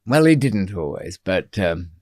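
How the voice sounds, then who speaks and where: Low-voiced man telling a rambling story. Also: big pitch swings, unhurried, darkish tone, no room sound. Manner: rambling and digressive, many ums, wry asides. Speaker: podcast guest. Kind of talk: storytelling in an interview.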